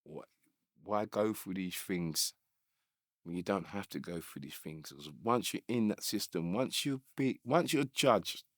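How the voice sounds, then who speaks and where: A man with a London accent, a guest on a podcast, speaking emotionally and haltingly, often restarting his sentences. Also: low-pitched, animated, no room sound, studio quality. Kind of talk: casual chat.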